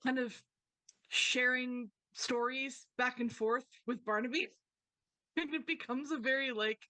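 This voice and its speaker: A woman's voice: sits high, steady tone, measured pace, pushed and bright, no room sound. A woman running a tabletop game as game master, narrating loosely with many fillers.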